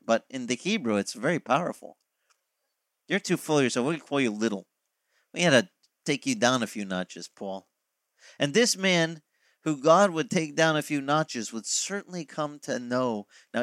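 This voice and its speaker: A man preaching a sermon as pastor, with emphatic delivery that swings between hushed and raised phrases. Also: fairly high pitch, no room sound, clean studio sound.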